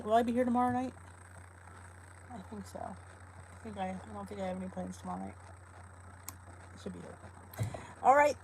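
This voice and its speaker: A woman's voice: a little high, a little mellow, slight background noise, poor audio. A middle-aged woman hosting a casual live stream chat from home, greeting her viewers by name in a chatty, cooing way. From New Jersey. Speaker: host of a live weight loss chat.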